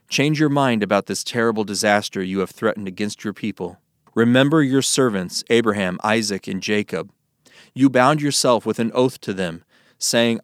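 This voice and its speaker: A man's voice: fairly low pitch, dry recording, studio quality, natural voice. A man voicing Moses as an earnest, pleading leader in a solemn Bible reading.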